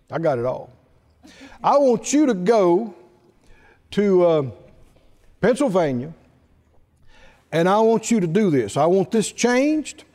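Male preacher, high and lively voice, playful storyteller, long hall reverb. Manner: animated storytelling, laughing at his own jokes, acting out quoted voices. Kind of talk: sermon.

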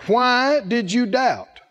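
Older male preacher, high lively voice, roomy hall reverb, playful delivery. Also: dull audio. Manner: animated, playful, laughs often. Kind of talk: sermon.

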